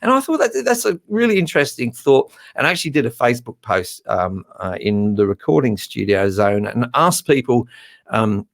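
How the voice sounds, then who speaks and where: A middle-aged man hosts a live stream in casual chat. He rambles warmly along with plenty of ums and uhs and sounds a touch nervous. His pitch sits in an ordinary middle range. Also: big pitch swings, normal speed, vocal fry. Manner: chatty, slightly nervous, many fillers.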